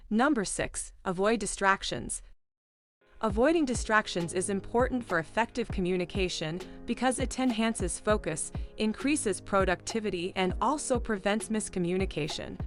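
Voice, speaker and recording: A woman narrating a scripted self-help lesson in a measured, list-like reading. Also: mid-range voice.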